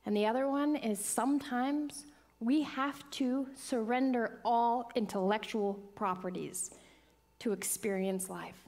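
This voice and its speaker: A middle-aged woman minister delivers an inspirational sermon in a somewhat high voice. She tells her story with dramatic contrasts, sinking into soft whispers and then surging into bright, excited emphasis. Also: measured pace. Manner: dramatic swings from hushed whispers to excited, loud bursts.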